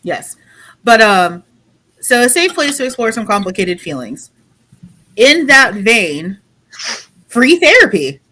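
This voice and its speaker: A woman co-hosting a podcast in casual chat, with a wry, deadpan teasing manner. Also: a little high, slow, long pauses. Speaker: podcast co-host.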